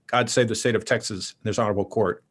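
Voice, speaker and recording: A man's voice: on the low side, fairly even intonation, quick pace, a bit bright. Man crying the formal court opening. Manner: declamatory, ceremonial cadence. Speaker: court marshal.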